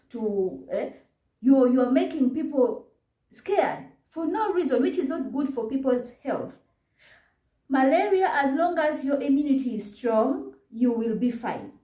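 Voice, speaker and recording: A woman's voice: fairly high pitch, animated, measured pace, mellow. A woman with a Ugandan English accent giving an indignant reaction commentary, full of rhetorical questions. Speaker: vlogger. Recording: echoey room.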